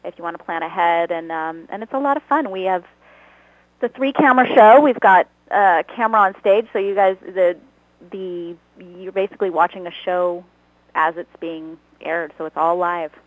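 A woman's voice: lowish voice, normal speed, dry recording, low-quality recording. A woman guest, a comedy actor, chatting casually in an interview, laughing often and talking about herself with self-deprecating humor. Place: Los Angeles.

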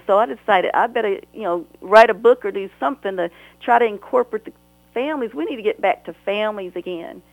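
A woman's voice: mid-range voice, fast talker, dry recording, phone-quality sound. A woman author talking earnestly and emotionally as a guest on a radio interview, rambling at times.

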